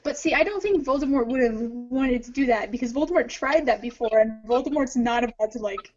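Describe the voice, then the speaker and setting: A woman with a fairly high voice talks her way through ideas in a casual podcast chat, starting sentences over and jumping between thoughts. The audio is a bit dull and lo-fi. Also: brisk. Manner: animated, thinks aloud with restarts. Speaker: podcast co-host. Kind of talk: casual book-club discussion.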